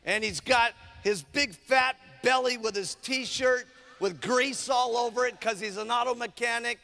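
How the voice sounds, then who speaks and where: A man giving a punchy, energetic motivational seminar talk, checking in with the crowd again and again. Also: very high-pitched, measured pace, in a large hall, soft background music. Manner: energetic, punchy, keeps asking "okay?". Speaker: motivational speaker.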